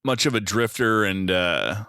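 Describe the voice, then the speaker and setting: Deep smooth-voiced guy cohosting a movie podcast, wry jokey chat, dry close sound. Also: lively intonation, a little slow, sharp tone, dry recording. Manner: dry, wry and joking, with filler ums. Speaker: podcast co-host. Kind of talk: casual film-review chat.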